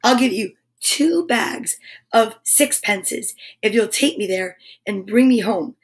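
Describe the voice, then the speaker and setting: A woman's voice: mid-range voice, takes it slowly, husky. A woman doing a sly, coaxing storybook goblin. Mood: crafty. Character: sly, scheming male goblin.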